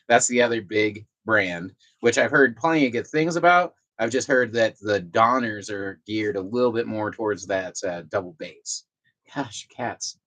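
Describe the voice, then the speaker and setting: A man's voice: lowish voice, low-quality recording. Laid-back rambling man vlogging at home. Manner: rambling, relaxed, swears casually. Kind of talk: casual chat to viewers while doing chores. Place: apartment at home.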